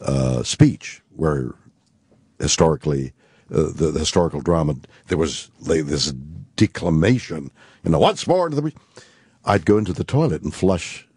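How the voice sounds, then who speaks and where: An older man with a very low, husky voice recounts a story as a guest on a radio talk show. He talks in a halting, anecdotal way, circling back with fillers and restarts. The sound is dry and close. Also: darkish tone, no room sound.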